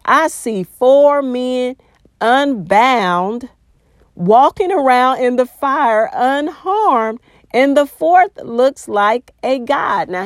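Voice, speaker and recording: A woman's voice: a little high, no echo, studio quality. A woman giving devotional Bible teaching, reading scripture aloud and pressing points with rhetorical questions.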